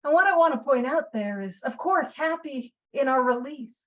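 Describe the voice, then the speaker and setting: A woman with a high voice leads a group study, earnest and chatty, often circling back to repeat herself. She sounds a little distant from the mic. The recording is dull and lo-fi. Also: expressive, moderate pace. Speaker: study leader. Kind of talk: casual teaching talk.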